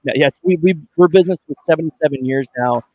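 A man guesting on a podcast as a company representative, relaxed and modest, with some hesitant fillers. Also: fairly high pitch, fast, no room sound, dull audio. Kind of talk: casual interview chat.

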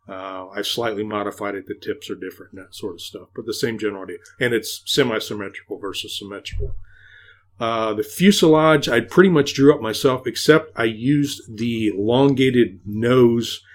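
Male guest, lowish voice, halting explanations, technical chat. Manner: explaining, hesitant with fillers. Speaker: guest kit designer. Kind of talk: casual interview.

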